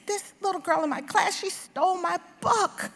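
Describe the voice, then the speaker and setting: A woman playing her small childhood self, pleading in a high, urgent voice, recorded in a reverberant hall. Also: normal speed, fairly bright tone. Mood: upset, pleading. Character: herself as a small upset girl.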